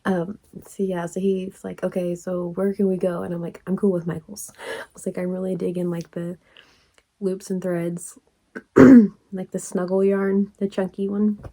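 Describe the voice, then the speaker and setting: A woman, telling a rambling story in a casual vlog, laughing often and dropping into soft asides. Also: on the low side, flat delivery, measured pace. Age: 40s. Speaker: crochet vlogger.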